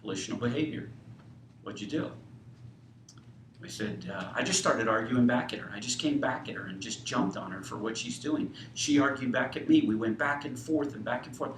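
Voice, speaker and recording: Male counseling instructor, deliberate, acts out client exchanges; distant mic in a reverberant room. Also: medium pitch, fairly bright tone, slight background noise. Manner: deliberate teacher, quotes client dialogue, many fillers. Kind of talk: lecture with case role-play.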